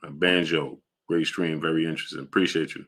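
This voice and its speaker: A deep-voiced man runs a casual live stream, calling out viewers by name and reading their comments aloud. His tone is bright and punchy. He keeps pushing people to hit the like button. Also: little pitch movement, fairly quick. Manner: shouts out viewers by name, asks for likes.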